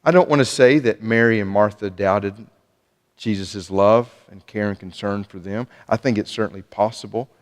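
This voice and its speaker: A man's voice: on the low side, moderate pace. A man preaching a sermon in a church, earnest, often restarting and repeating words as he speaks. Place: church sanctuary. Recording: long church reverb.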